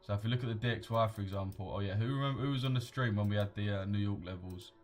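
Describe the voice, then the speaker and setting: A young man with a British accent chats casually on his live trading stream, using slang and reading comments from his audience. He talks fast in a low voice over soft background music.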